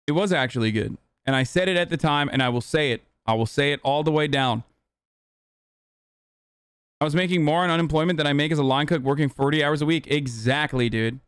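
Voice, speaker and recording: A man's voice: on the high side, fairly quick, clear, resonant tone, dry recording, studio quality. A man streaming a reaction to a clip, ranting in a heated, profane, casual way.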